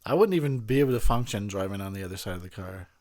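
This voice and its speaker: A man's voice: on the low side, lively intonation, racing, darkish tone. Drunk, rambling man. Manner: rambling, profane, laughing often. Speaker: commentary host. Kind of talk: drunken film commentary.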